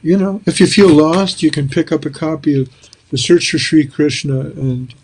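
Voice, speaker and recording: An older man, a spiritual teacher and author, tells reflective stories in an animated, chuckling way, speaking over a video call from a small room lined with books. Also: fairly high pitch, normal speed, husky. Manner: animated, chuckling storyteller who acts out dialogue. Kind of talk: reflective storytelling interview.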